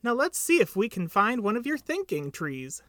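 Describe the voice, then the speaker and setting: A man doing a squeaky, eager little piglet. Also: huge pitch swings, normal speed, fairly bright tone, dry recording, studio quality, exaggerated voice. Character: tiny timid excitable young male piglet. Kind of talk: storybook reading.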